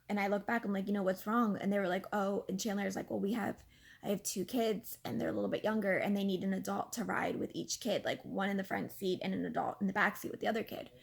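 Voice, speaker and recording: A woman in her thirties casually telling a story from her own life, animated and exasperated, with lots of fillers. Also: medium pitch, vocal fry. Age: 30s. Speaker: vlogger.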